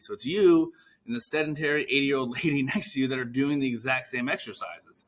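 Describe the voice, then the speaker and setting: A man coaches physical therapists on handling sales calls, energetically acting out both sides of sample conversations in an instructional talk. His voice is medium-pitched and fairly bright, and he speaks fast.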